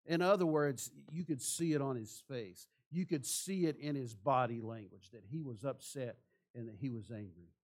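A man's voice: medium pitch, moderate pace. A man preaching a sermon in church, asking the congregation rhetorical questions. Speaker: pastor.

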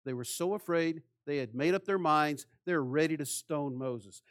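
Impassioned preacher, man with a high voice. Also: normal speed, hardly any pauses. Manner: impassioned, with many rhetorical questions and swings between soft and loud. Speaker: pastor. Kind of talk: sermon.

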